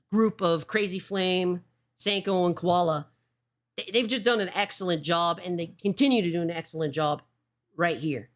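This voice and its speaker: A woman hosting a livestream show, giving casual commentary, swearing often and restarting her sentences. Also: lowish voice.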